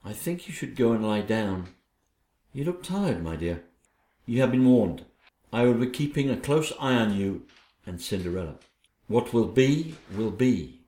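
A man voicing a stern woman visitor who speaks in a grave, measured way. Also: mid-range voice, expressive, dark tone, roomy sound, lightly acted.

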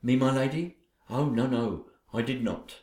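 A man's voice: mid-range voice, measured pace, warm tone, reverberant, natural voice. A man voicing an eager, nervous manservant who fawns and stammers. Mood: fawning. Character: fawning nervous male servant.

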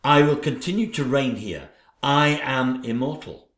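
A man's voice: medium pitch, a bit bright, roomy sound, close to an everyday voice. A man voicing a vain, scheming wicked stepmother queen in a theatrical audio play. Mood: gloating, haughty. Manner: theatrical, gloating, drawn-out delivery.

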